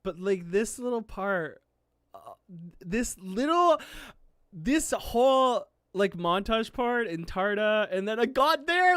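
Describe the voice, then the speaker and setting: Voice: medium pitch, animated, takes it slowly, a bit bright, smooth, no echo. A streamer chatting casually while reacting to an anime, gushing, often laughing, and close to tears with emotion. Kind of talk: casual live-stream chat.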